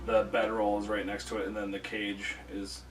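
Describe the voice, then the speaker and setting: A man narrating a tabletop game as game master, halting and full of fillers. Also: on the low side, monotone, background noise. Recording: distant mic, faint music.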